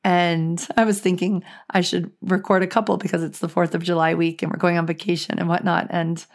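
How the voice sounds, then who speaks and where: A woman with a raspy, hoarse voice, hosting her podcast in a chatty, reflective monologue. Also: fairly low pitch, flat delivery, a little fast. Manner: chatty and reflective, with frequent "like" fillers. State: hoarse, voice going. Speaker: podcast host.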